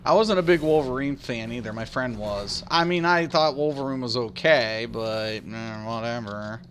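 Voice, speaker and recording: A man streaming a game, chatting casually and excitedly with his viewers, with lots of restarts and fillers. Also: mid-range voice, moderate pace, a little hiss or hum. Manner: rambling, excitable, talks back to chat. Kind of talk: casual live-stream chat.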